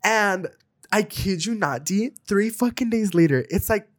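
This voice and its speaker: A woman's voice: medium pitch, measured pace. A young woman guest on a podcast, telling a story in casual chat, swearing freely and acting out what people said. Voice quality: animated, swears freely, acts out quotes.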